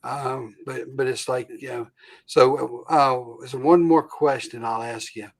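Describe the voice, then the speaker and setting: A man hosting an interview, responding calmly and reflectively with frequent affirming murmurs. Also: medium pitch, unhurried, breathy edge. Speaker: host.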